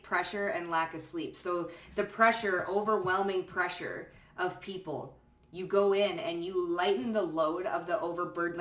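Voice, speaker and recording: A woman's voice: fairly low pitch, fairly bright tone, echoey room, far from the mic. A woman giving a casual pick-a-card tarot reading. She chats freely, swears casually and keeps checking in with "okay?" and "you know what I'm saying?".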